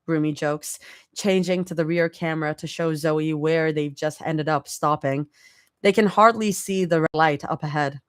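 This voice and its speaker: Brief: young woman, lowish voice, dry close sound, casual live reading with reactions. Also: a little slow, dry recording. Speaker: fanfic reader.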